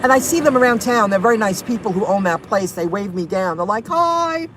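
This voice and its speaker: A woman's voice: medium pitch, fast. A woman rideshare driver chatting casually to her viewers, telling an indignant story and reading out their comments. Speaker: rideshare and delivery driver vlogger. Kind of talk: casual venting chat to viewers. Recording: noisy car and street background.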